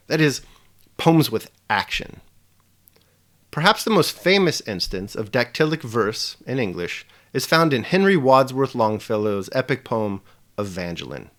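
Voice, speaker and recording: A man hosting a scripted literature lesson, measured and articulate, slowing down for key definitions. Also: mid-range voice, a bit bright. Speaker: English teacher hosting a lesson channel.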